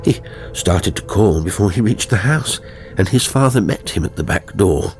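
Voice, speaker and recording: A man reading a horror story in a slow, measured scripted narration, dropping to a hush at times. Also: on the low side, animated, soft background music.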